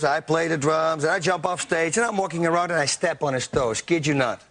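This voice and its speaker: A man's voice: on the high side, brisk. A man telling a story as an interview guest, acting out the other people in it. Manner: animated, acts out quotes. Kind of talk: casual storytelling.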